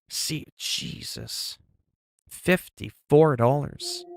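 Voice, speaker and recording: Male game streamer, chatty and exclamatory, lowish voice, dry close-mic sound. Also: a little slow, long pauses, a bit bright, dry recording, faint music behind. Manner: chatty, reacting to chat and exclaiming. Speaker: livestreamer. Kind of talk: casual livestream chat.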